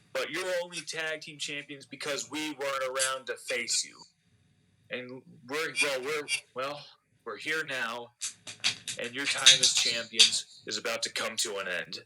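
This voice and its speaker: Guy doing a cocky wrestler trash-talking, low taunting promo voice, really bright tone. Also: measured pace, faint music behind, low-quality recording. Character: cocky adult male wrestler cutting a promo.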